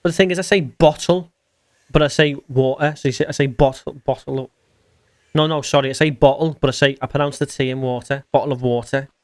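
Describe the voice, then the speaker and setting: A man's voice: medium pitch, fairly even intonation, fast. A man with an English accent, chatting casually on a game live stream as he reads out and answers viewer messages.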